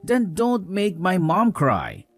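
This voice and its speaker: A woman's voice: fairly low pitch, wildly swooping pitch, slow pace, faint music behind, exaggerated voice. A woman voicing a young, hot-tempered husband loyal to his mother, talking in an accusing, scolding way. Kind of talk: dramatized story dialogue.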